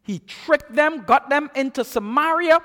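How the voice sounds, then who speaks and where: A man preaching a sermon in an animated way, often repeating words as he builds, in an echoey hall. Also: extremely high pitch, a little slow.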